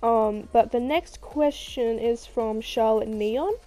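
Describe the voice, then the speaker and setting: A woman with a cold, breathy and scratchy-throated, chatting casually as she answers viewer questions over gameplay. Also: fairly high pitch, slow pace, warm tone, faint music behind. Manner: chatty, lots of ums and restarts. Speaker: gaming video creator.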